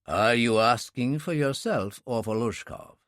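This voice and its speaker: A man reading an audiobook, voicing a calm, guarded man who speaks low and measured. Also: dry recording, clean studio sound, close to an everyday voice.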